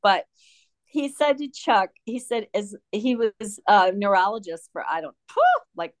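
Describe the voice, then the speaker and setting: A woman's voice: mid-range voice, lively intonation, measured pace. Frank, blunt middle-aged woman guest. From Michigan. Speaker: interview guest. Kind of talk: candid conversational storytelling.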